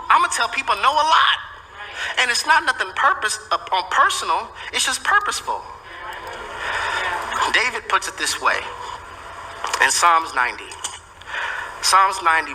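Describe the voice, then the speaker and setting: A man's voice: high voice, sing-song, normal speed, pauses often, sharp tone, a little hiss or hum. A man preaching a sermon as a pastor, emphatic and repeating his key phrases for effect. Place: church sanctuary. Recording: echoey sanctuary with long reverb.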